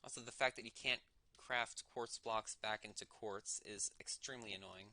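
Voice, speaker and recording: A man's voice: on the low side, fairly even intonation, normal speed, pushed and bright, dry recording. A young man streaming a game, talking to himself in a casual, rambling way and correcting himself as he goes, with a slight lisp on his S sounds. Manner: musing aloud, self-correcting while playing. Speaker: livestreamer. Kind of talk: casual gameplay commentary.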